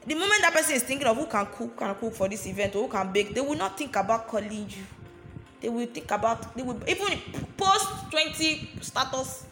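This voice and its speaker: A woman's voice: on the high side, lively intonation, brisk, fairly bright tone, faint music behind. A woman preaching a sermon with fervour, often calling out hallelujah and amen and repeating phrases for emphasis. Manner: addresses listeners directly and repeats phrases for emphasis. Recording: roomy, echoey sound.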